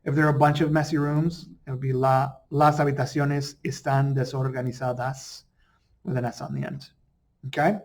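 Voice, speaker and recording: A man teaching a Spanish grammar lesson in a relaxed, chatty way, slowing down to pronounce example words. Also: medium pitch. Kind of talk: casual explanatory lesson.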